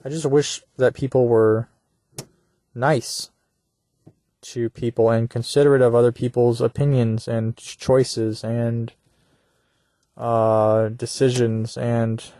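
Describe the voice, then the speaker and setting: A man's voice: mid-range voice, level tone, slow pace, pauses often, warm tone, no room sound. A young man talking in a rambling solo monologue, meandering and crude, often trailing off into mumbles. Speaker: podcaster. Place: at work during a shift.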